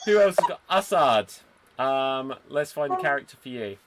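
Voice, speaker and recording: A man's voice: medium pitch, expressive, moderate pace. A man hosting a live improv show over a video call, playful and teasing, often laughing as he hands out prompts. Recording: loud background noise on a call.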